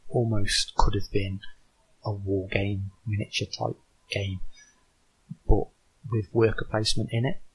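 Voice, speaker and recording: A man with a low, gravelly voice and a husky, rough edge. He talks about his board game in a loose, halting way, often starting over. The tone is that of a casual interview. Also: little pitch movement, rough recording. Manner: halting, many restarts and ums. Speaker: board game designer guest.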